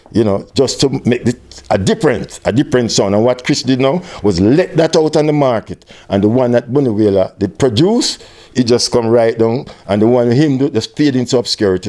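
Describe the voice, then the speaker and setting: An older Jamaican man telling an animated story in an interview, with patois phrasing, acting out other people's voices. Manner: animated storyteller, acts out quoted voices at high pitch. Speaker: interviewee, music tour manager.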